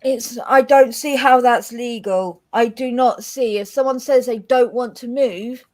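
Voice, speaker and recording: A woman with an English accent chatting casually as a co-host, blunt and animated, swearing freely. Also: fairly high pitch, measured pace. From England. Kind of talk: casual chat.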